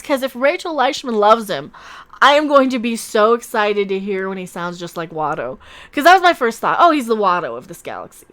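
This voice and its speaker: A woman with a slightly high voice hosts a casual livestream. She talks in a sarcastic, mocking way and laughs often. She jumps between loud outbursts and low mutters. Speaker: YouTube channel host.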